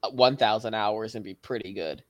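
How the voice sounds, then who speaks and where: A man's voice: lowish voice, moderate pace. A man co-hosting a casual chat, dropping short, dry, joking asides.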